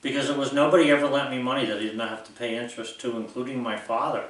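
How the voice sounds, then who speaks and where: A man's voice: mid-range voice, fairly even intonation, quick pace. Older guy in his 60s going on bluntly to his viewers, really echoey room, mic kinda far off. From United States. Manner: blunt, rambling, lecturing. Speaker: vlogger. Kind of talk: unscripted monologue to viewers.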